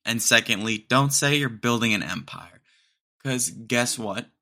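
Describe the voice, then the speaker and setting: A young man speaks a little slowly in a sharp, mid-range voice while hosting his podcast. It's a rambling, offhand comedic monologue laced with sarcasm, and he laughs at his own jokes.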